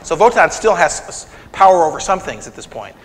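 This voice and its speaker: A man giving a conversational lecture to an audience, animated and retelling scenes with quoted dialogue. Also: a little high, a little fast, slight background noise. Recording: long reverb of a lecture hall.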